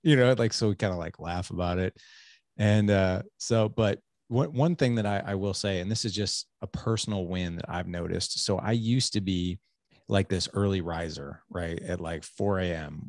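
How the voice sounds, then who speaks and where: A fairly low-pitched man in his forties hosts a podcast in easy conversational chat. He talks in lively bursts, doubling back on words and checking in with "right?" The recording is dry and close, with no room sound. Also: no echo. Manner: animated, many restarts and "like", "right?". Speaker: podcast host.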